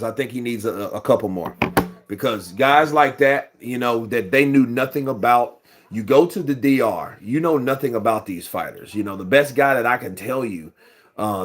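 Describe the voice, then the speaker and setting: A man's voice: fairly low pitch, a bit bright. A man with a cold hosting a casual boxing news livestream, rambling with lots of fillers and greeting viewers in the chat. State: has a cold.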